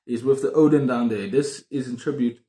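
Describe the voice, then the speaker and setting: A man chatting casually about books on his video channel, excitable and prone to repeating himself. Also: medium pitch, a little fast. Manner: excitable, repeats words and phrases. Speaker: book vlogger. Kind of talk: casual book review chat. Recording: roomy echo.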